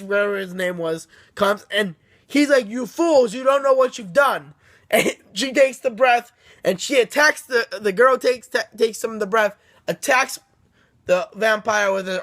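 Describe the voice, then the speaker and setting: High-voiced man rambling through a recap. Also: moderate pace, pushed and bright. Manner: rambling, restarts, keeps asking "okay?". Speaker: book reviewer. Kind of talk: casual plot recap.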